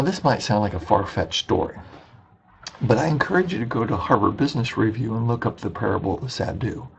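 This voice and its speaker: Guy lecturing in an online class, low husky gravelly voice, kinda dull lo-fi sound. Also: darkish tone. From Indiana, USA. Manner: conversational storytelling, acts out quoted dialogue. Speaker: business ethics instructor. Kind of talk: recorded course lecture, storytelling.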